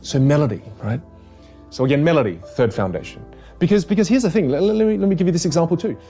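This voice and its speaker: A man working as a communication coach, explaining his ideas in a podcast conversation with energetic, emphatic repetition. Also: on the high side, fast talker, faint music behind. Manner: energetic, emphatic, repeats key points.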